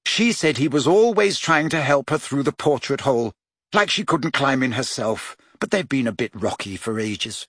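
A man voicing a clever teenage schoolgirl who talks in a patient, brisk way. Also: mid-range voice, big pitch swings, a bit bright, breathy edge, dry recording, studio quality. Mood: knowing.

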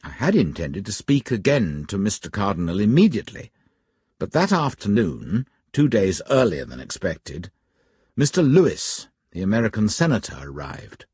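A man narrating a story in a calm, orderly way. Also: lowish voice, normal speed, slightly rough, dry recording, clean studio sound.

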